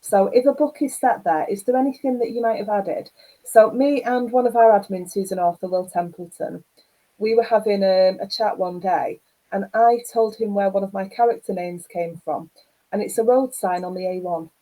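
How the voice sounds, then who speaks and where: A woman's voice: mid-range voice, moderate pace, warm tone, poor audio. A woman hosting a book club chat, asking authors questions in a friendly way with personal anecdotes, on a video call. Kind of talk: interview questions, chatty.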